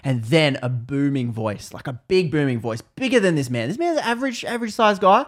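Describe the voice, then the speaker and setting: A man's voice: fairly high pitch, very animated, fairly quick. A man casually retelling a ghost story on a podcast, rambling and correcting himself as he goes. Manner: rambling, self-correcting, laughs at own jokes.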